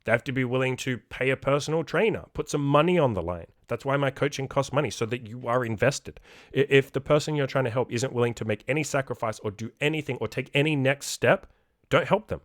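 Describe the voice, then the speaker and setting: A man's voice: mid-range voice, brisk, dry recording, clean studio sound. Blunt, profane male podcast coach. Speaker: self-improvement coach. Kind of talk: podcast monologue.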